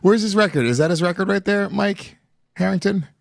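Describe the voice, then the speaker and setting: A man co-hosting a podcast in casual chat, teasing and excitable, reading out news items. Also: high voice, fairly quick, creaky, dry recording, clean studio sound. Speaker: podcast co-host.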